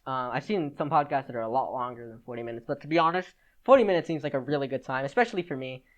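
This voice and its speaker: Talking very fast in a mid-range voice, this teenager hosts a podcast alone. His casual, meandering talk is loaded with fillers, "like"s, and false starts.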